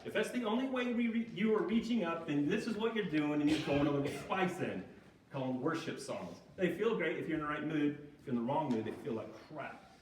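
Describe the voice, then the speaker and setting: A man's voice: on the high side, a little mellow, slight background noise. A man giving an informal, conversational talk at a church recovery group, often checking in with "okay?" and laughing at himself. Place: church hall. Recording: echoey hall from far off.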